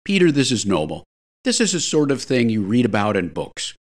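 A man's voice: mid-range voice, very animated, brisk. A man reading the part of an anxious, lovestruck young male golfer who speaks passionately and quaveringly. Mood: earnest.

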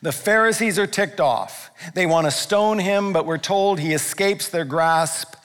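Pastor, male, animated sermon storyteller; slightly raised voice, reverberant sanctuary sound. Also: fairly high pitch, moderate pace. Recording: long reverb of a large room.

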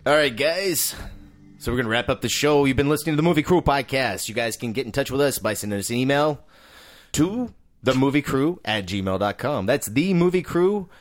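A man hosting a movie podcast in a relaxed, joking way. His voice sits at an ordinary pitch, and he reads out the closing plugs at a steady clip. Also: brisk, soft background music. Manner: joking, wraps up the show with plugs. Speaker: podcast host, film editor. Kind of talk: casual movie podcast chat.

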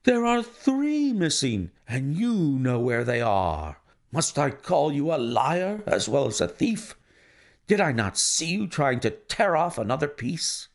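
A man reading an audiobook, voicing an outraged older banker who shouts accusations at his son. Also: fairly high pitch, sing-song, slow, vocal fry, exaggerated voice. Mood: furious. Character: enraged older male banker, outraged father.

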